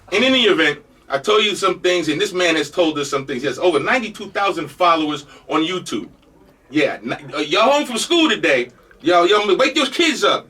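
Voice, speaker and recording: A senior man hosting talk radio in a New York Jamaican accent, rattling along fast in a high, bright voice. He has a cold and rambles with jokes. The mic sits a bit away from him. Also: recorded from a distance. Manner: loose, joking, rambling. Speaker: radio host. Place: radio studio.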